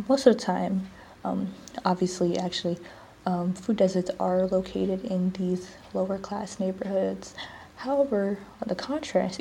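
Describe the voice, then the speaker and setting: Gravelly dark-voiced young woman. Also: mid-range voice, slight background noise, poor audio. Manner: chatty, restarts often, drops to a whisper at times. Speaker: podcast host. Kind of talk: casual solo talk.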